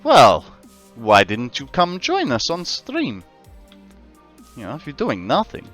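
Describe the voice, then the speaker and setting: A man's voice: mid-range voice, huge pitch swings, slow pace, fairly bright tone. An Australian man streaming a game, chatting and joking with his viewers. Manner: joking, chats with viewers as he plays. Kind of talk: casual livestream chat. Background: faint background music.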